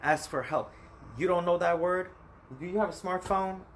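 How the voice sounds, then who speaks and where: A man's voice: sits high, normal speed, fairly bright tone, slight background noise. Rambling, emphatic man in his thirties. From United States. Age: 30s. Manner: rambling, emphatic, talks straight at the viewer. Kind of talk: personal vlog monologue. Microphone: phone.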